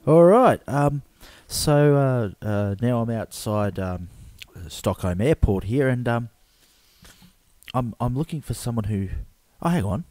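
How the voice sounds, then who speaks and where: A man's voice: medium pitch, animated, takes it slowly, a little mellow, dry recording. A man hosting an improvised comedy sketch, with blokey banter and frequent stammering. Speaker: comedic host.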